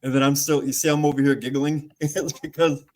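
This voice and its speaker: A man's voice: fairly high pitch, little pitch movement, fairly quick, a little mellow. A man hosting a podcast, telling rambling anecdotes in casual chat and laughing along. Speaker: podcast host and musician.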